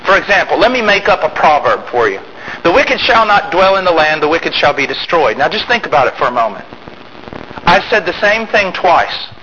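A man preaching a sermon, emphatic, swinging from loud rising outbursts to quiet low asides. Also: sing-song, moderate pace, muffled recording, slight background noise.

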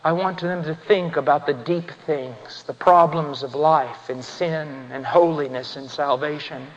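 A man preaching an impassioned sermon, swinging from hushed, solemn passages to ringing, shouted emphasis. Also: a little high, steady tone, unhurried. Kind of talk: fiery sermon. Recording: dull sound in a reverberant church hall.

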